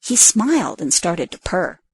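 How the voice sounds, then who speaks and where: A woman narrating a children's storybook in an expressive, animated reading. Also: on the low side, unhurried, background noise.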